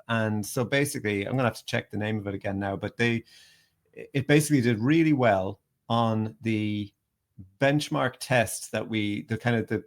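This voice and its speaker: A man hosting a podcast, explaining things casually with many pauses, fillers and repeated words. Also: fairly low pitch. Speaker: podcast host.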